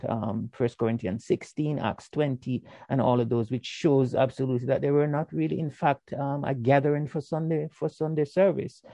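A man's voice: mid-range voice, vocal fry, mellow, dry recording. A man in a group bible discussion, speaking earnestly and emphatically while citing scripture. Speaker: bible study participant.

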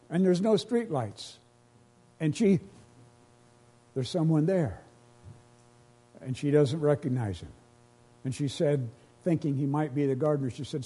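A man's voice: fairly high pitch, warm tone, breathy edge. A pastor preaching a sermon to his congregation, earnest and emotional, repeating phrases as he builds each point.

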